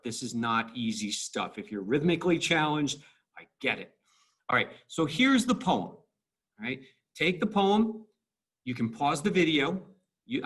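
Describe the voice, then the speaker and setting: A man teaching high school English in a recorded video lecture, explaining patiently and stressing syllables to show the rhythm. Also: a bit bright, husky. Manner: repeats words and restarts.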